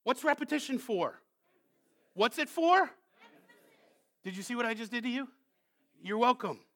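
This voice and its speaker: A male pastor preaching a sermon, moving from hushed questions to loud, emphatic calls and reading scripture slowly. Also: very high voice, animated. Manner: slows down to read scripture with weight; asks the congregation many rhetorical questions.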